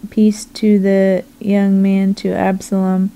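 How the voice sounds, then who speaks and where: A woman reading the lines of a grieving aged king in her own calm, even reading voice, slow and flat. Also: mid-range voice, creaky. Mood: steady.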